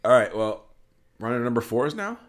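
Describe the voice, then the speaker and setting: Lively casual man hosting a countdown. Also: medium pitch, fairly quick. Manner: runs the countdown, casual and swearing. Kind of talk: casual chat.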